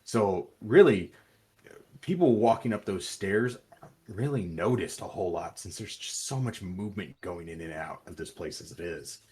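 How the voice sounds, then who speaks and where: Low-voiced man running a tabletop game. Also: moderate pace, breathy edge. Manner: relaxed, hesitant, many fillers. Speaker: game master.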